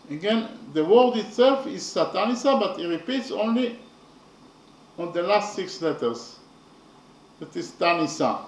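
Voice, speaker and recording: A man teaching a lesson on poetry, speaking haltingly and often checking understanding. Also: high-pitched, expressive. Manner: halting, repeats points with "okay?". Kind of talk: lecture on poetry. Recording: echoey room, mic at a distance, faint noise.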